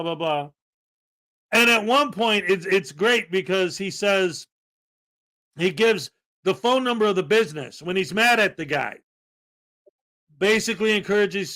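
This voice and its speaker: A man's voice: high-pitched, pushed and bright. A man hosting a podcast, telling a rambling story in casual commentary and acting out what others said. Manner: rambling storyteller, laughs, acts out quotes. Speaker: podcast host.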